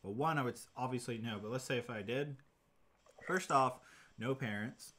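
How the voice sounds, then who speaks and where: A man's voice: medium pitch, moderate pace, a bit bright. A man in his twenties hosting a livestream, telling a rambling story with lots of fillers. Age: 20s. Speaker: livestream host. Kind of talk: casual livestream chat.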